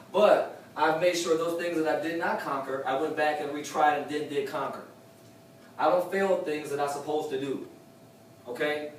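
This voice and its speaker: A man delivers a live motivational talk to a room, preachy and fond of saying his points twice. His somewhat high voice comes from away from the mic and rings through a very echoey hall. Faint room noise sits under it. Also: far from the mic. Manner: preachy, repeats key lines for emphasis. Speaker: motivational speaker at a sales meeting.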